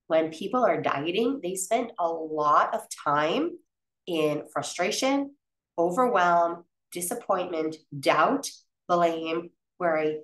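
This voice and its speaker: A woman's voice: fairly low pitch, roomy sound, recorded from a distance, poor audio. A woman coach talking earnestly about feelings and eating, often drawing on her own family life. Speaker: wellness coach. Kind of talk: coaching talk.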